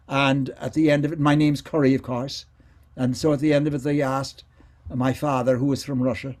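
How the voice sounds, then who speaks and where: Older male guest, mid-pitched, rambling reminiscing storyteller on a video call. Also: a little mellow. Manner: meandering, self-correcting storyteller. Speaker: interview guest, former child radio actor. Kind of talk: casual reminiscing interview.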